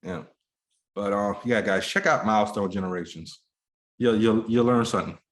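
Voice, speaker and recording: A low-voiced man, co-hosting a podcast, rambles casually at a moderate pace. He fills his talk with fillers, addresses listeners directly, and tends to trail off softly.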